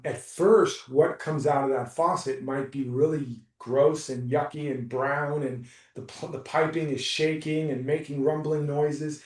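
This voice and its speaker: A man coaching someone through a live session, talking in a soft, reassuring, unhurried way. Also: mid-range voice. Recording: roomy, distant from the mic.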